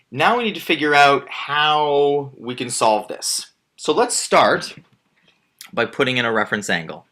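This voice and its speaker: Bright-voiced male math teacher. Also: medium pitch. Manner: patient, explains step by step while drawing. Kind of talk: screen-recorded math lesson.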